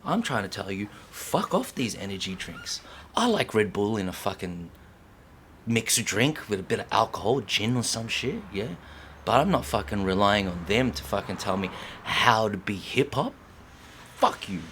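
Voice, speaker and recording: A man's voice: lowish voice, sing-song, normal speed, slight background noise. A man ranting with heavy profanity. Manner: swings from loud outbursts to hushed whispers; heavy swearing, repeats lines for emphasis. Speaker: breakdancer. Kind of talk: impassioned profane rant to camera.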